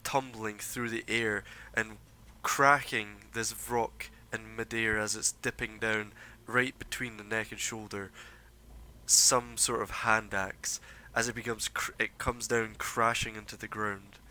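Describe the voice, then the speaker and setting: Bright-voiced man running a tabletop game. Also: on the low side, low-quality recording. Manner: relaxed, loose narration with frequent filler pauses. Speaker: game master.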